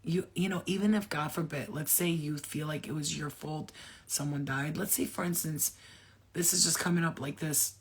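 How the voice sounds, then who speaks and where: A woman in her fifties, a spiritual medium, speaking earnestly to viewers in halting, repetitive phrases. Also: low-pitched, steady tone, slightly rough. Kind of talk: channeled message to viewers.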